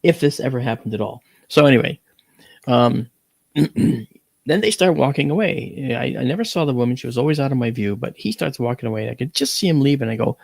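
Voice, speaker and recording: Gravelly man telling a dramatic story. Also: brisk, dry recording. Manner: animated, swings up in pitch for exclamations; blunt, mild cursing. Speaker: guest.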